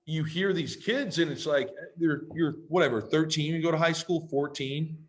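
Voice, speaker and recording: A man, a podcast guest telling long, animated stories in casual, swear-laden chat. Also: a little high, normal speed. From Canada. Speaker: guest, football player. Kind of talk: casual storytelling in a podcast interview.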